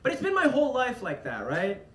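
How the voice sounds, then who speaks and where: A young man doing a stand-up comedy set on stage, with a light, fairy-tale-like voice. He is animated and laughs through his punchlines. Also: extremely high pitch, a little fast. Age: young adult. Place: comedy stage before a live audience. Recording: roomy live venue, loud audience noise.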